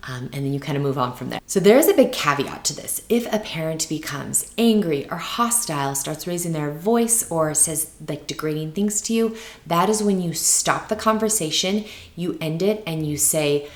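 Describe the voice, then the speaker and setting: Speaking at normal speed in a notably low voice, a woman who teaches and hosts a channel gives teaching advice directly to the camera in a relaxed, conversational manner. She keeps adding little tag questions to check in with viewers, and her voice echoes off the walls of the room.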